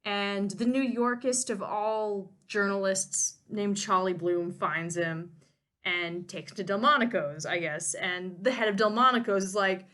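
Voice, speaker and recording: A woman's voice: medium pitch, a little slow, bright, forceful tone. A woman co-hosting a podcast, casually recapping a novel in a rambling, wry way with many restarts. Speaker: co-host summarizing a novel.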